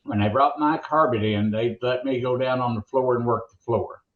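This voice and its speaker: A man's voice: mid-range voice, fairly even intonation, normal speed, phone-quality sound. An older man with an Oklahoma accent, a former announcer telling stories and jokes in a folksy, rambling way. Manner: folksy, rambling joke-teller. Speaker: guest, former monster truck announcer. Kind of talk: casual interview storytelling.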